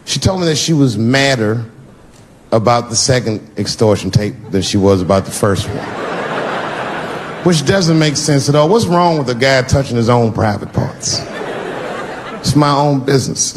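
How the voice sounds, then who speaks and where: Animated man doing stand-up. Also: mid-range voice, background noise. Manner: animated, acts out voices. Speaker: stand-up comedian. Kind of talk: stand-up comedy.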